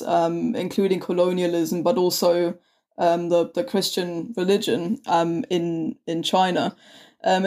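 A woman's voice: on the low side, a little mellow. A woman historian co-hosting a podcast, explaining in a hesitant way with many ums and restarts. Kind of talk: conversational explanation.

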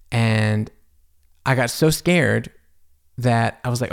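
A man with a gravelly, mid-pitched voice tells a long personal story from his home studio. He rambles through asides and restarts, and his voice jumps up whenever he quotes himself. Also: moderate pace. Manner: animated, jumps high when quoting himself. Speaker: podcast host. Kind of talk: casual storytelling monologue.

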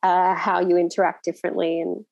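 An Australian woman hosting a podcast interview, chatting in an animated, laughing storytelling way. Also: lowish voice, a little fast, gravelly, no room sound, highs cut off. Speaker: podcast host. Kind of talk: casual conversational interview.

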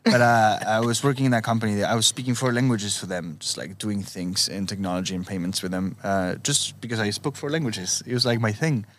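A young man, a podcast guest, chatting casually and telling a lively story, acting out the dialogue and using many fillers. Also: fairly low pitch, fairly quick, few pauses. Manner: animated storyteller, acts out dialogue. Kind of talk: casual chat.

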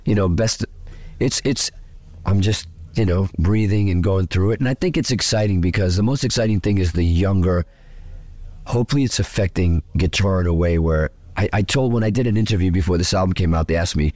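A middle-aged man, a guitarist, talking excitedly in a casual interview and acting out the voices of people he quotes. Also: deep voice, a little fast, no room sound. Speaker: guitarist interviewed after a festival gig. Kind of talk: animated casual interview talk.

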